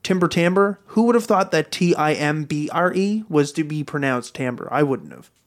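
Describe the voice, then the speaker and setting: A man's voice: fairly high pitch, very animated, normal speed. A man hosting a radio show in casual banter, wry and teasing, at a studio microphone. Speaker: radio host.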